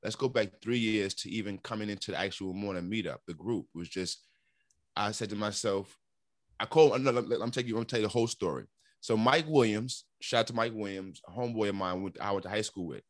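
A middle-aged man from New York telling his story in a casual interview, animated and repeating words as he acts out what others said. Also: on the low side, fast, no echo, studio quality. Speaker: interview guest.

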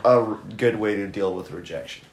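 A man's voice: lowish voice, a little fast, noisy background. A young man in casual chat, laid-back and blunt. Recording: echoey room.

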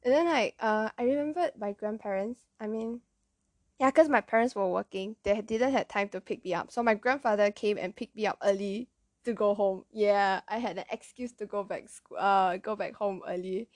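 A woman's voice: mid-range voice, moderate pace, a little mellow, no room sound. A young woman with a Malaysian English accent, chatting casually and rambling through childhood stories with frequent self-amused laughs. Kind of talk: casual storytelling.

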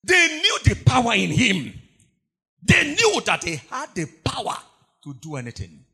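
Impassioned preacher, wildly varied pitch. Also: male voice, wildly swooping pitch, a little slow, vocal fry, breathy edge. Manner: emphatic, repetitive, swings between shouting and hushed tones. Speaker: pastor. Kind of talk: impassioned sermon.

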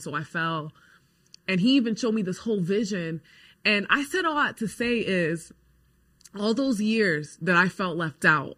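A woman's voice: lowish voice, a bit bright. A young woman hosting a faith show, earnestly telling a personal testimony with many fillers. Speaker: host.

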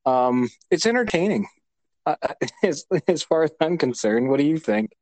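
Laid-back podcast guy, agrees a lot, pitch swings all over, dry mic. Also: big pitch swings, moderate pace, a little mellow, no room sound. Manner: easygoing, agreeable, hesitant restarts. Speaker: podcast co-host. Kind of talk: casual chat.

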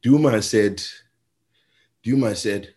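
A man with a Nigerian accent preaching a sermon as a pastor. He tells stories and acts out the voices in them, moving between quiet and loud. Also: fairly low pitch, a little slow. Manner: storytelling, acts out voices in a story, shifts between soft and loud.

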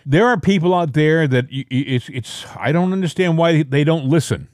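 A man's voice: lively intonation, moderate pace, a little mellow, no room sound, studio quality. A man co-hosting a political talk show, giving emphatic opinions in a casual chat style. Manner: opinionated, emphatic, pushes pitch up when stressing a point. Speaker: co-host.

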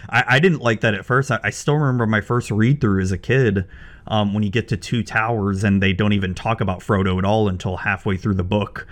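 A man's voice: on the low side, fairly even intonation, a little fast. A man in casual conversation, opinionated and blunt, swearing freely and often restarting his sentences. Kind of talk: casual chat.

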